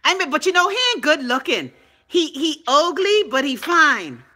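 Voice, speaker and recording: Bahamian woman co-host, sassy and bossy, bright tone, a little high. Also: big pitch swings, normal speed. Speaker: radio co-host. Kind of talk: casual chat.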